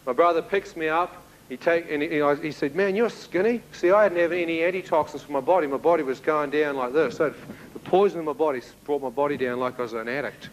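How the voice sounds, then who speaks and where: A man from New Zealand with a New Zealand accent, telling his testimony as a sermon and acting out the dialogue in an animated way. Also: a little high, fast talker, a little hiss or hum, poor audio. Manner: animated storyteller who acts out dialogue, with laughs. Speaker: preacher giving a testimony.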